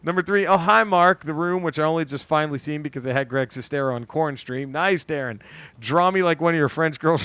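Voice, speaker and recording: A man's voice: fairly high pitch, fairly bright tone, no room sound. A man co-hosting a podcast, reading listener submissions aloud in a crude, jokey way and laughing at them. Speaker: podcast co-host.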